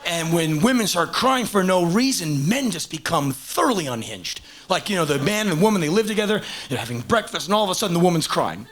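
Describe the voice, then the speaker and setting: A man's voice: sits high, big pitch swings, a little fast, few pauses, fairly bright tone. A man in his thirties doing a blunt, punchy stand-up monologue on stage, swinging into acted voices, on a hissy live tape. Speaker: stand-up performer. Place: stage in a large venue.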